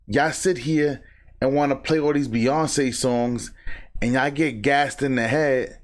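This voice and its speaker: A man's voice: steady tone, slow. A man commenting bluntly on a podcast clip, mocking and swearing as he talks to his audience. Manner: blunt, mocking, sings snippets in a high voice. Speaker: reaction commentator.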